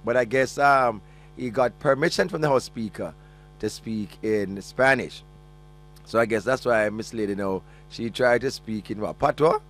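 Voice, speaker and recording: A man's voice: mid-range voice, moderate pace, fairly bright tone. Joking Jamaican radio host, man. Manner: joking, chatty, mixes patois and English. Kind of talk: casual radio chat reading listener messages.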